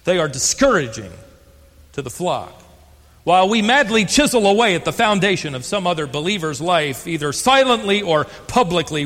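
An older American man preaching a sermon as pastor, stressing key words and slowing for emphasis. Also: on the high side, a bit bright, long reverb tail. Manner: emphatic, slows on key phrases.

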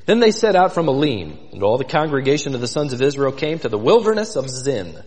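A man's voice: medium pitch, sing-song, a little fast, darkish tone, in a large hall. A man preaching an expository sermon, vividly retelling scripture scenes and inviting listeners to imagine themselves there.

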